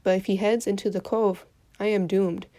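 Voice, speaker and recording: A woman's voice: medium pitch, steady tone, normal speed, dark tone, no echo, lightly acted. A woman voicing a clever, daring young boy who cries out urgently in a storybook reading. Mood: shaky pleading.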